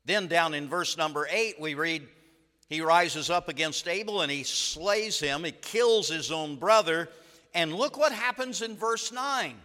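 Male preacher, sermon, bright tone, slightly high voice, emphatic storytelling, long hall reverb. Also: lively intonation. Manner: storytelling, emphatic with dramatic pauses.

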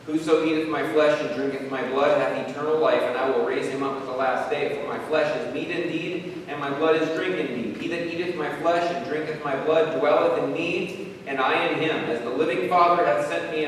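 A man preaching a sermon, moving from quiet earnest questions to slow, loud, emphatic passages and reading scripture in old-fashioned wording. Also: fairly high pitch, steady tone. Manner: reads scripture in King James wording. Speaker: pastor. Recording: echoey hall, distant mic, faint room noise.

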